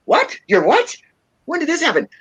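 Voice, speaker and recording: Woman doing fussy older mother in her 70s, scolding, alarmed, high-pitched. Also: wildly swooping pitch, normal speed.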